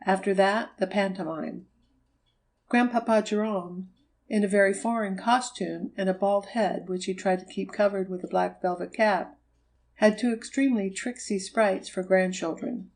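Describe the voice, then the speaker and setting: A woman narrating a children's storybook in a steady, measured reading. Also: medium pitch, gravelly, low-quality recording. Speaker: audiobook reader. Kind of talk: scripted narration.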